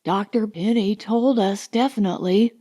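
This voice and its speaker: A woman's voice: mid-range voice, normal speed, warm tone, lightly acted. A woman reading aloud, voicing a worried young father who speaks firmly and steadily. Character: anxious young father, firm and hushed.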